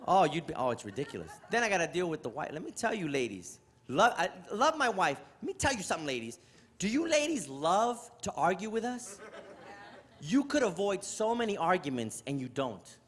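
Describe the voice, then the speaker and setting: A man's voice: sits high, brisk, slightly rough. A middle-aged man from New York City doing stand-up comedy on a theater stage, telling exasperated stories and acting them out. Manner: animated, exasperated storytelling with act-outs.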